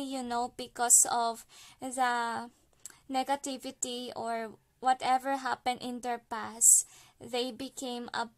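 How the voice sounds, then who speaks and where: A woman from the Philippines talks through a card reading in a relaxed, chatty way. Her voice sits a little high. She leans on fillers and tags her points with a quick "okay?". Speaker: card reader. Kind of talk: casual spoken card reading.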